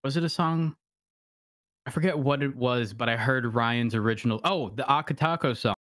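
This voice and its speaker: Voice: medium pitch, normal speed, fairly bright tone, no echo, clean studio sound. A podcast guest from Massachusetts chatting casually, laughing often and talking themself down. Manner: giggly, self-deprecating. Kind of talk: casual chat.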